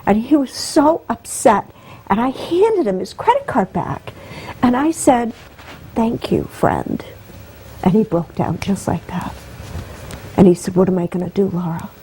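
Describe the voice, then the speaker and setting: A woman's voice: mid-range voice, sing-song, unhurried, mellow, slight background noise, rough recording. A woman guest telling an emotional personal story, her voice rising and catching with feeling. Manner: heartfelt, voice rising and breaking with emotion.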